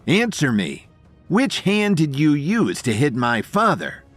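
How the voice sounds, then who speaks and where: A man voicing a young man who shouts fiercely and anguishes over his family in an audio drama. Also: mid-range voice, wildly swooping pitch, a little slow, breathy edge, soft background music, pitched above the performer's own voice, full character voice. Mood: furious.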